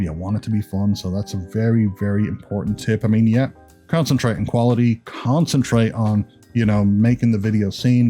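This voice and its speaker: Irish man with a low, mellow voice. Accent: Irish, partly Americanized. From Ireland. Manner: chatty, rambling, self-deprecating jokes. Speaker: YouTube creator. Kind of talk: casual advice vlog.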